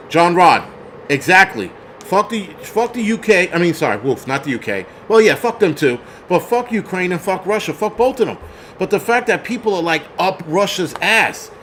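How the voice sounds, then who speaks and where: A man's voice: high-pitched, a little hiss or hum. A man hosting a show, ranting angrily and profanely at his viewers. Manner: profane, shouting, ranting at chat. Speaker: host. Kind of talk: angry livestream rant.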